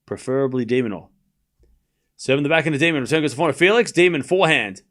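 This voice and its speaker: Speaking fast in a mid-range, animated voice, a man hosts a live tennis watchalong stream. He calls points as they unfold, needles chat sarcastically, and alternates between low score updates and yelled calls.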